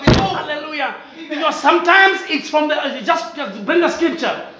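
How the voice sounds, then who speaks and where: A male preacher giving an emphatic sermon, often shouting and repeating key words. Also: very high-pitched, expressive, normal speed, reverberant, a loud crowd. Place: church.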